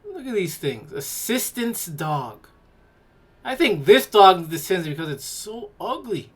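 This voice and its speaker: A woman's voice: lowish voice, very animated, measured pace, breathy edge. A woman hosting a podcast, giving casual reaction commentary in a mocking, exclaiming way and laughing in disgust. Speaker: podcast host.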